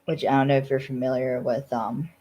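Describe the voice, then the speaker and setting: A woman's voice: very deep voice, fairly even intonation, brisk, mellow, rough recording. A woman from western Pennsylvania co-hosting a casual podcast, recapping a TV episode in a rambling way, full of "like" and "you know". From western Pennsylvania, USA. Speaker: podcast co-host.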